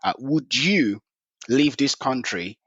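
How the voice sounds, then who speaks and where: A man's voice: medium pitch, lively intonation, takes it slowly, a bit bright, husky, no room sound. A man from Nigeria, a podcast guest, talking in a reflective, easygoing way. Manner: reflective, easygoing, acts out quoted voices. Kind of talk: casual interview chat. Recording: dull dry sound.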